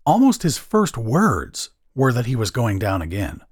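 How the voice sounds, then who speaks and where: A man narrating an audiobook story in an expressive storytelling manner. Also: medium pitch, unhurried, slightly rough, no echo.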